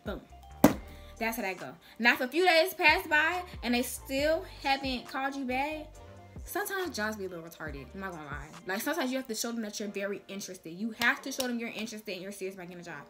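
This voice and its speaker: A young woman vlogs casual advice in a chatty, slangy way, slipping into little acted dialogues. Her voice sits a bit high. Faint music plays underneath. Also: very animated, fast, sharp tone. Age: young adult. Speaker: vlogger.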